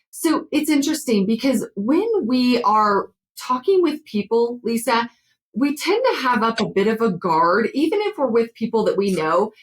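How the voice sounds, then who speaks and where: A woman's voice: mid-range voice, poor audio. Woman counselor explaining things thoughtfully. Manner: warm, explanatory, frequent fillers. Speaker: guest counselor. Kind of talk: conversational interview.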